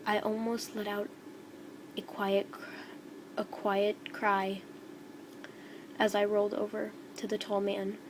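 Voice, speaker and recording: A woman reading a first-person fan story aloud in a slow, halting way over a noisy home recording. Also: mid-range voice, completely flat delivery.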